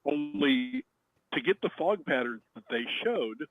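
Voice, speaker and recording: A man's voice: mid-range voice, big pitch swings, moderate pace, husky, no echo, phone-quality sound. A man who is a guest on a talk radio show, explaining his point with confidence in a matter-of-fact way. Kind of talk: casual talk radio chat.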